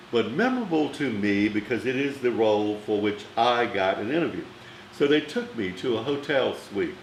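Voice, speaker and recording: A man's voice: fairly low pitch, roomy sound, a little hiss or hum, rough recording. An older man with a Southern accent, a former newspaper critic telling theatrical anecdotes in a chatty way. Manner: chatty, theatrical, name-dropping raconteur. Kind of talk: anecdotal storytelling.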